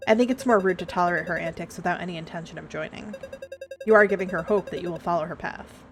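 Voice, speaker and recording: A woman's voice: lowish voice, fast talker, over music, natural voice. A woman reading the part of an earnest, apologetic young man in a visual novel. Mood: placating.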